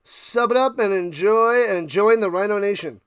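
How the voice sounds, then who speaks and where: A man hosting a live stream, mixing casual play-by-play of a football game with chat to viewers, getting loud on big plays and now and then coughing and clearing his throat. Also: sits high, normal speed, no room sound, studio quality.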